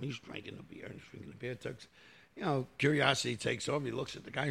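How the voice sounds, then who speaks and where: A man with a New York accent, co-hosting a podcast and telling crude bar jokes in a casual, swearing way, his voice gravelly and husky. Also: mid-range voice, fast talker. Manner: crude, drops to a mutter mid-story then laughs loudly at punchlines.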